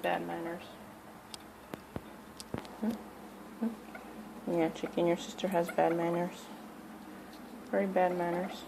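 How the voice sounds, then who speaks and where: A woman's voice: on the low side, little pitch movement, takes it slowly, creaky, pauses often, noisy background. A woman at home talking to her pet parrots and narrating, often cooing in baby talk to them. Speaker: pet vlogger.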